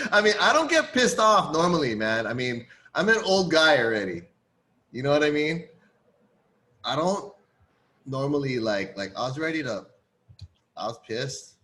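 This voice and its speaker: Animated storytelling man from Hawaii. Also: on the high side. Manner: animated storyteller, many fillers, acts out quotes. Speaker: host. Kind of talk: casual storytelling chat.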